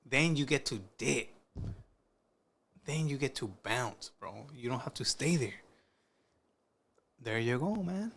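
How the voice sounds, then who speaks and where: A man's voice: medium pitch, lively intonation, slow pace, creaky, pauses often, fairly bright tone, slightly rough. A man hosts a casual reaction video, his voice rising and falling a lot as he cracks jokes. He is blunt and swears freely, talking straight to his viewers. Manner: blunt, profane, wisecracking.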